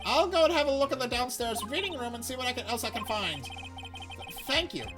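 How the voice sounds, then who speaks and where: A fussy older lawyer from a courtroom game, pompous and patronizing, as a man puts him on. The voice sits well above the reader's own and swings lively. Game music runs behind. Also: very high voice, brisk, voice pushed up.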